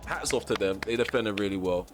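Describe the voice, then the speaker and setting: A young man commentating on his football video game, ranting at the referee, then calmly recapping for viewers. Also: fairly low pitch, a little fast, soft background music. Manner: exasperated ranting at the referee, shouting. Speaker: gaming YouTuber. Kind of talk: gameplay commentary.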